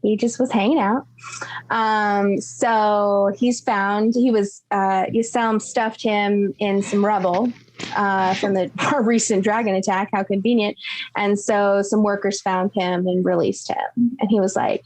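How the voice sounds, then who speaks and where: A woman players' recap of a tabletop game, chatty and giggly, dropping into quick voices for characters. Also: mid-range voice, fairly even intonation, a little mellow, no room sound, low-quality recording.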